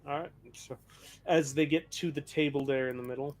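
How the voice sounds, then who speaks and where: Casual game master narrating. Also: male voice, on the high side, steady tone, fairly quick. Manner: casual, narrates actions and talks to chat. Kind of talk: running a tabletop game on stream.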